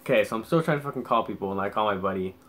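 A man's voice: lowish voice, rapid-fire, a bit bright, slight background noise. A young man telling a story in a rambling, casual way, swearing heavily and filling gaps with "like". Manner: rambling, heavy swearing, lots of fillers. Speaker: vlogger.

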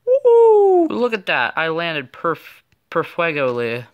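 A man giving casual, excitable gameplay commentary with playful trash talk. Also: on the high side, normal speed, clear, resonant tone, dull audio. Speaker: gaming channel host.

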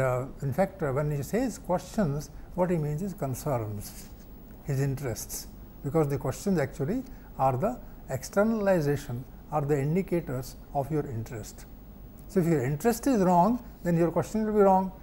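Male lecturer, mellow tone, halting delivery full of fillers. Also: fairly high pitch, slight background noise. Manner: explains slowly with many fillers and restarts. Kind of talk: academic lecture.

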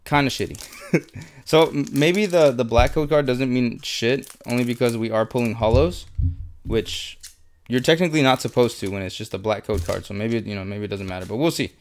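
A man's voice: mid-range voice, moderate pace. A young man in casual unboxing commentary, listing cards as he sorts them, swearing often and muttering his frustration. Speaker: YouTuber opening trading card packs.

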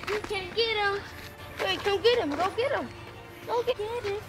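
A woman's voice: fairly high pitch, animated, moderate pace, over music. A young woman acting as a mean, mocking girl bully in a playground skit, taunting and whiny. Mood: gleeful. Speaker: actor in a family skit. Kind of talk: improvised home video skit. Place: outdoor playground.

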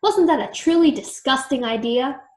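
A bossy, excitable gothic mouse lady, voiced by a woman reading aloud, high and dramatic in every line. She exclaims and scolds with flair, and the sound rings in an echoey room. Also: moderate pace, natural voice.

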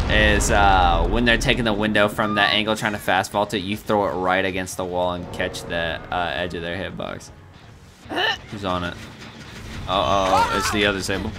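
Excitable man commentating his own gameplay. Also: fairly low pitch, normal speed, heavy background noise. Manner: excitable, talks to himself while playing. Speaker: gaming streamer. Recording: game music loud behind.

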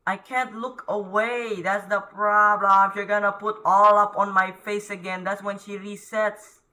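A man doing horror let's-play commentary, jumpy, yelling and pleading at the ghost on screen. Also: sits high, little pitch movement, a little slow. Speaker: gaming YouTuber.

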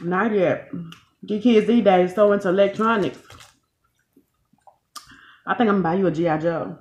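A woman's voice: mid-range voice, normal speed, a little mellow. A woman in her thirties hosting a casual eating video, chatting in a folksy way and talking straight to her viewers. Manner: chatty, folksy, keeps calling viewers "y'all". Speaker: channel host, mother. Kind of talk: casual mukbang chat to viewers. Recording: echoey room, dull lo-fi sound.

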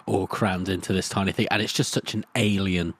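A young man with a deep, husky voice muses thoughtfully on a podcast. His delivery is tentative and considered. The sound is dry. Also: steady tone, fairly quick, fairly bright tone, no room sound. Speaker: podcast co-host. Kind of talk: casual book discussion.

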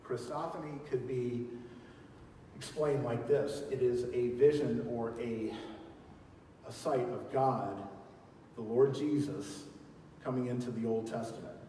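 A man preaching a sermon as pastor, swinging from loud calls to quiet teaching and leading his congregation in call-and-response. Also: mid-range voice, steady tone, unhurried, long pauses, a little hiss or hum. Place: large church hall. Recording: echoey hall, voice from far off.

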